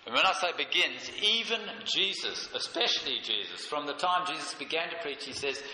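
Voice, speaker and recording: An older man preaches with earnest emphasis, slowing down to stress his points. His voice is very bright and forward. He is recorded in a big echoing hall with long reverb and a faint ambient hum. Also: fairly high pitch, lively intonation. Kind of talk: sermon. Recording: echoey hall, heard from a distance.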